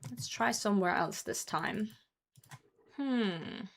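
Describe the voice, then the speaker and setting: A woman's voice: medium pitch, animated, takes it slowly, creaky. A young woman streaming from her computer at home, chatting casually with her viewers and laughing often as she hosts a hide-and-seek game. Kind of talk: casual live-stream chat.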